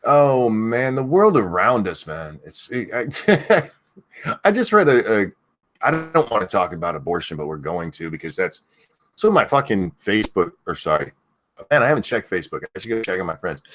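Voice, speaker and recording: A man hosting a live stream, chatting casually, swearing a lot, and yelling out viewers' names now and then. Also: fairly low pitch, big pitch swings, moderate pace, a little hiss or hum.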